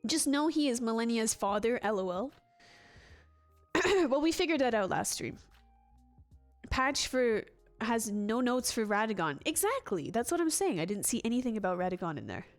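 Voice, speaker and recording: A woman's voice: a little high, very animated, normal speed, soft background music. A woman livestreaming a game in a casual, rambling way, reading and answering chat with frequent restarts and laughs.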